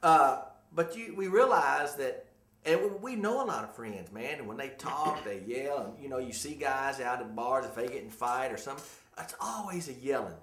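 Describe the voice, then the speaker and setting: A chatty co-host in his forties who rambles from one thought to the next and laughs often. His pitch rises and falls a lot as he talks. The voice rings in an echoey room. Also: animated, normal speed, a bit bright. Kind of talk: casual chat.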